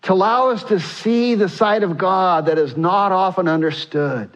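A man's voice: sits high, moderate pace, dull audio. A man preaching a sermon as pastor, teaching in a conversational way with asides and fillers.

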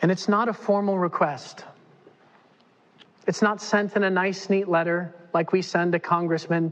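A man's voice: high voice, little pitch movement, moderate pace, fairly bright tone. A man preaching a sermon as pastor to a congregation, emphatic and dramatic. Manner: emphatic, dramatic, acting out quotes. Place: church hall before a congregation. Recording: long reverb in a church hall.

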